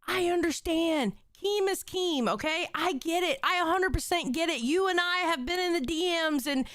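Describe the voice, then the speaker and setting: Blunt, profane woman co-host with a high voice, in a dry, close-mic'd room. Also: a bit bright, dry recording. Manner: blunt, profane, emotional pleading. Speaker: stream co-host. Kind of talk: casual live-stream chat.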